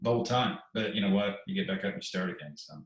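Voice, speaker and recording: A man's voice: low voice, quick pace, far from the mic. A middle-aged man, a military veteran and podcast guest, talking in a heartfelt, rambling way and repeating himself. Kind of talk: podcast interview. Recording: echoey room, off-mic.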